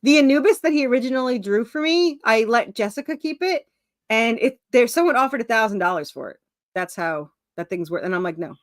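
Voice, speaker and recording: A fairly high-voiced woman talks as a guest on a video call. She rambles cheerfully through fillers and restarts and pokes fun at herself. The sound is dry and close, with no room around her. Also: expressive, brisk, no room sound. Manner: self-mocking, laughs at herself. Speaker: indie comic creator, interview guest. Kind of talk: casual video-call chat.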